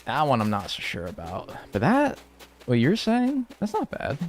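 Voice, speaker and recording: A young man streams and chats in a loose, joking way while reacting to his viewers. His pitch swings widely as he talks. Faint music plays quietly underneath. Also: huge pitch swings, moderate pace. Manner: laid-back, joking, reacting to chat. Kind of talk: casual live-stream chat.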